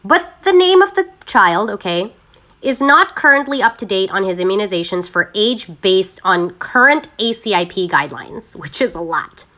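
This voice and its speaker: Woman, live-stream host, casual commentary, sarcastic, animated, mimics voices, phone mic. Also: medium pitch, moderate pace. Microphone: phone camera.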